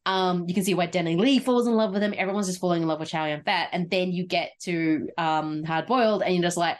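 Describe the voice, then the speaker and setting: A woman's voice: lowish voice, fast talker. A woman hosting a film podcast, chatting casually and enthusiastically about movies, often laughing and acting out lines from scenes. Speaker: podcast host.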